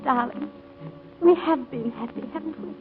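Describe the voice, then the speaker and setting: An actress in 1940s radio acting, playing a planter's wife who haltingly confesses a shooting and breaks down emotionally. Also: female voice, high voice, faint music behind, natural voice. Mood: distraught. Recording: narrow-band 1940s radio broadcast.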